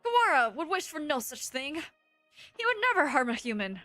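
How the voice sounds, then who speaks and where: Brief: streamer voicing a grandiose aristocrat pigeon, haughty, a touch higher. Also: female voice, big pitch swings, normal speed, pushed and bright, faint music behind, heavily acted. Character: pompous noble young male pigeon.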